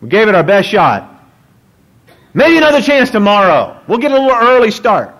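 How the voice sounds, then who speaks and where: A man's voice: high-pitched, big pitch swings, moderate pace, fairly bright tone, pitched above the performer's own voice, low-quality recording. A man voicing a resigned man who is ready to give up for the day.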